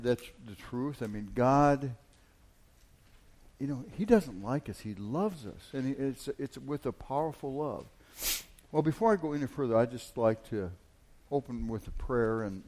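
A man delivers a sermon in an easygoing, conversational manner, often restarting his sentences and filling pauses. On key points he pushes his voice to sudden loud emphasis, then drops back to a soft, talky tone. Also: medium pitch. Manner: conversational preaching with many fillers and restarts; swells loud on emphatic lines. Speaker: pastor.

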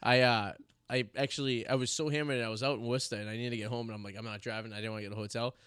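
A man's voice: medium pitch, fairly even intonation, rapid-fire, fairly bright tone, clean tone, dry recording, clean studio sound. A man, hosting a casual, crude, joking podcast chat. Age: 30s. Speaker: podcast host. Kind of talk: casual banter.

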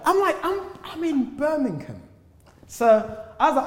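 A young man with a London accent, a performing artist, chatting as a guest and telling stories in a lively way, acting out the dialogue. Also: high-pitched, fairly quick. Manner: animated, laughing, acts out dialogue. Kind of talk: casual storytelling chat. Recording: roomy hall reverb.

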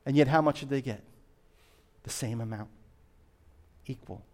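A man preaching a sermon as pastor, swinging between loud emphasis and hushed asides. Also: mid-range voice, normal speed.

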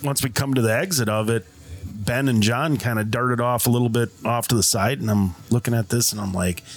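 Swearing, animated man telling a story. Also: medium pitch, brisk. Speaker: off-road racer, podcast regular. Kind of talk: casual podcast storytelling.

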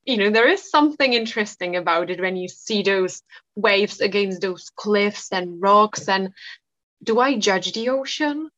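Calm woman guest, bright tone, dry dull lo-fi sound, lots of you know. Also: mid-range voice, dry recording. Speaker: guest, hypnotherapist and coach. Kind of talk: casual conversation.

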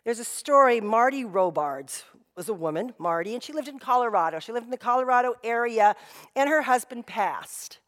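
Woman pastor, sermon, chatty storytelling, fairly high voice, long hall reverb. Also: lively intonation, normal speed, a bit bright. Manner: conversational storytelling with frequent "you know".

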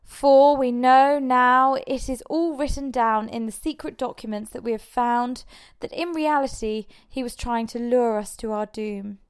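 A woman's voice: a little high, unhurried, clear, resonant tone, natural voice. A woman voicing a sly, persuasive male pig propagandist who speaks insistently and emphatically.

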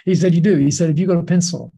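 Gravelly-voiced man telling stories. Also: fairly high pitch, very fast. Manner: animated anecdotes with many restarts. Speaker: podcast guest, speaker. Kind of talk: storytelling in casual interview.

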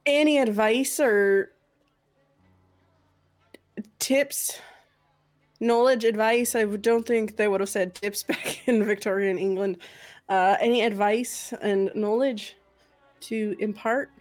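A woman's voice: medium pitch, steady tone, unhurried, a little mellow. A woman playing a tabletop game, speaking hesitantly with stammers and restarts. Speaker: player. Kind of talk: in-character tabletop role-play.

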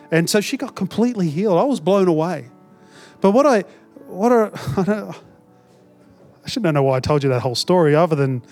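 A male pastor preaching in a fairly high voice, earnest and conversational. He retells a story and acts out both sides of the talk. Faint music plays softly underneath. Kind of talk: sermon with storytelling.

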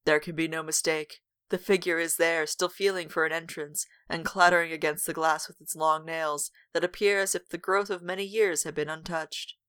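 A woman's voice: sits low, fairly even intonation, normal speed, few pauses, a bit bright, clear, resonant tone. A woman co-hosting a podcast, reading a gothic novel aloud with dramatic weight and breaking in with wry jokes. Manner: dramatic read-aloud broken by wry asides.

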